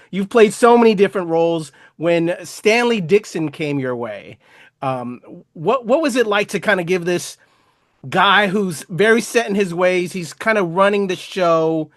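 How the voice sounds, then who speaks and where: A man's voice: sits high, fairly bright tone, no echo, clean studio sound. A man interviewing an actor, effusive and respectful, praising the guest and calling him sir. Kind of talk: enthusiastic interview host.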